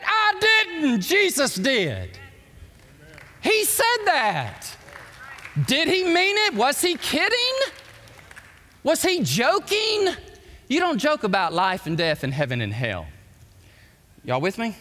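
A male pastor preaching a sermon, with animated shouts and quick drops to asides. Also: very high-pitched, long reverb tail.

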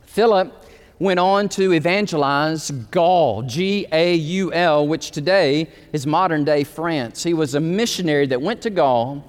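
A man preaching as pastor of his church, telling a story in an animated way. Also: fairly high pitch, a little slow, in a large hall. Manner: animated, storytelling with quoted dialogue. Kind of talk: sermon. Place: church sanctuary.

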